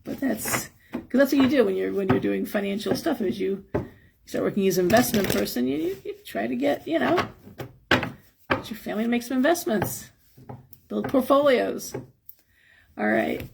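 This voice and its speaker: A hoarse woman giving a frank, advice-giving live tarot reading and chuckling now and then. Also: a little high, expressive, moderate pace, pauses often, noisy background. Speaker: tarot reader.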